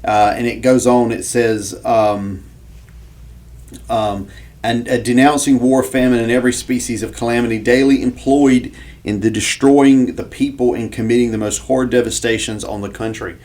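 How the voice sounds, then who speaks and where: A man's voice: mid-range voice, fairly even intonation, normal speed, darkish tone. A man co-hosting a history podcast, reading old documents aloud and explaining them with asides. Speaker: podcast co-host. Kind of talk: casual history discussion, reading quotes aloud.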